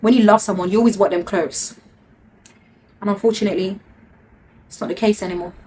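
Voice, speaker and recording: A woman's voice: medium pitch, steady tone, fairly quick, dark tone, slight background noise. A woman, telling a heartfelt personal story to her viewers in an earnest way and repeating words for emphasis. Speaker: vlogger.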